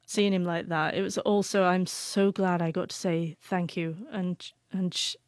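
A woman's voice: on the low side, fairly even intonation, a little slow, dry recording. Brief: stuttering woman, young adult, author guest, dry close mic, sincere storytelling. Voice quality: stutters, repeats sounds. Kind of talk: emotional personal storytelling.

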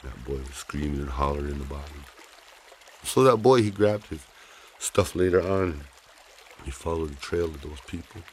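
Deep-voiced folksy male storyteller. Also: normal speed, slight background noise. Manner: folksy, animated, with asides like "geez". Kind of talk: traditional oral storytelling.

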